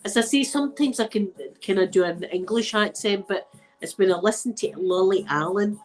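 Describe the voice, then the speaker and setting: Streaming casually from her home, this ASMR host from Scotland rambles and laughs with her viewers, her nose clearly blocked. She talks at normal speed in a medium pitch, over faint background music, on a low-quality recording.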